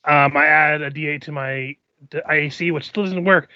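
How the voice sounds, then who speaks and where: A man's voice: a little high, moderate pace, sharp tone, no room sound, dull audio. A man playing a tabletop game, thinking aloud hesitantly about his abilities and rolls. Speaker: player.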